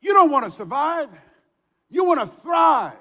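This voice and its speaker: An older man giving a motivational speech, telling stories with shouts and laughter. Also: very high voice, measured pace. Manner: animated storytelling with shouts and laughs. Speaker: motivational speaker. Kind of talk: motivational speech to a live audience. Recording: hall reverb.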